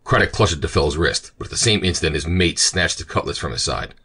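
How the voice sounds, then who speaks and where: A man narrating an audiobook in a steady, measured way. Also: deep voice, husky.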